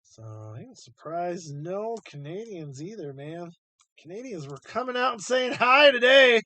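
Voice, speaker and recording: A man chats through a live stream in an unhurried drawl, his pitch swinging up and down as he rambles and thinks aloud. The sound is dry, with no room around it. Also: very animated, pushed and bright, no echo. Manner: rambling, chatty, thinks aloud while sorting coins. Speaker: live-stream host hunting coins. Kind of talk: casual live-stream chat.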